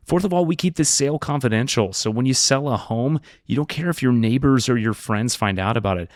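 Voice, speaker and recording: Man, business broker, explainer video, low voice, upbeat, direct, dry sound. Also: no echo. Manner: direct, upbeat teaching tone with lists and emphasis.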